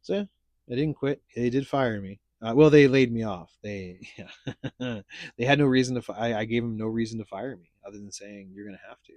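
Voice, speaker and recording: A man's voice: lowish voice, a little mellow, no room sound, studio quality. A man hosting a casual podcast chat, telling stories in a blunt, profane, rambling way. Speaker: podcast host.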